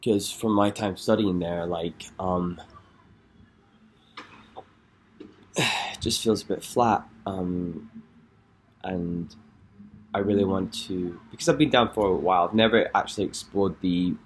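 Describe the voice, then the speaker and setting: Young male vlogger from Scotland, very low pitch, hesitant and rambling delivery. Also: slow, pauses often, a little hiss or hum. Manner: rambling, hesitant, many fillers. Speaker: dance artist vlogger. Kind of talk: casual vlog. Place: London.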